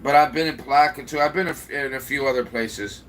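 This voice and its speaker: A man's voice: mid-range voice, fairly quick, a bit bright, a little hiss or hum. A man with a slight Chicago accent, rambling and answering viewer comments aloud in a casual livestream chat. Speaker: livestream host.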